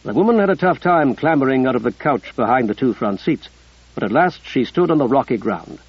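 A man narrating an audiobook in a measured, even storytelling manner. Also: medium pitch, slightly rough, dry recording, muffled recording.

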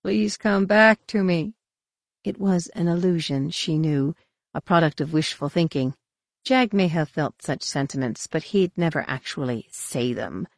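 A woman narrating a science-fiction audiobook in a measured, expressive reading on a close studio mic. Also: sits low, no room sound. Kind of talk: scripted narration.

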